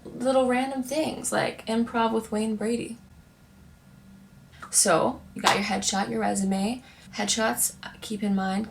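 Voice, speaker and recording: Chatty young woman with a gravelly edge. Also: medium pitch, a little hiss or hum. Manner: chatty and encouraging, addresses viewer directly. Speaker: actor giving advice. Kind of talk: casual advice vlog. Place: apartment in New York.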